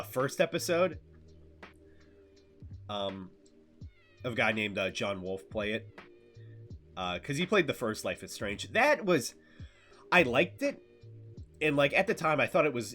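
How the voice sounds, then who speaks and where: A man streaming, recapping a game in loose casual chat, swearing freely and halting with fillers. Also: medium pitch, big pitch swings, pushed and bright, soft background music.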